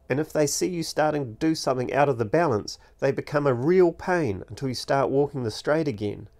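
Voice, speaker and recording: A man's voice: medium pitch, darkish tone, voice pushed up, close to an everyday voice. A man voicing a curious, earnest young boy who asks lots of questions, as a storybook narrator. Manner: eager, questioning, a little cheeky.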